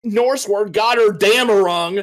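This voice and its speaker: A man with a high voice co-hosts a casual tabletop game podcast. He talks bluntly and emphatically, swears freely and slides into mock rants. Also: slow pace. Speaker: podcast co-host and game master. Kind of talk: casual chat about tabletop games.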